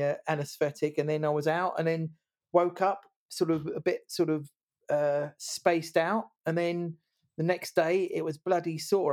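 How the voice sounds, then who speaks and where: A man's voice: a little high, a little mellow. A man hosting a casual podcast chat, joking, laughing often and restarting his words. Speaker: podcast host.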